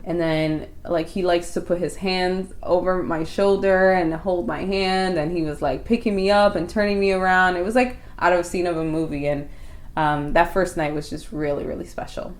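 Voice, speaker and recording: A woman with a lowish voice, speaking at a moderate pace, co-hosts a podcast. She tells a story in relaxed chat, animatedly acting out the quotes.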